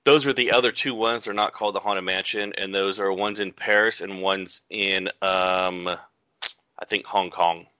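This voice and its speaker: Male podcast co-host, low and bright, hesitant chat, dry sound. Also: steady tone, normal speed, a little hiss or hum. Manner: rambling, hesitant, with many fillers. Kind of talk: casual chat.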